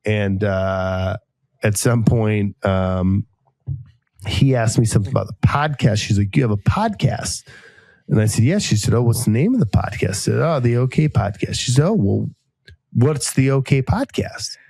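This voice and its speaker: Animated storytelling man, dry sound. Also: normal speed, vocal fry, no echo. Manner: animated storyteller, acts out quoted voices with jumps in pitch. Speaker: podcast host. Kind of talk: casual storytelling chat.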